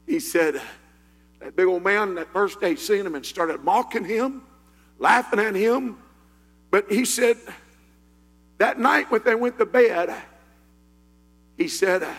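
High, gravelly-voiced man preaching. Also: in a large hall. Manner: builds from low storytelling to shouted preaching. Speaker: pastor. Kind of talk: Pentecostal sermon storytelling.

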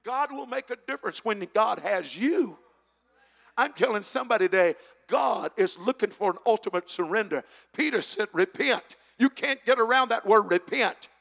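A man preaching a sermon as pastor, quoting scripture loudly and asking the congregation to repeat after him. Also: high voice, expressive, moderate pace, vocal fry, in a large hall. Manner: preaching with shouted scripture and call-and-response.

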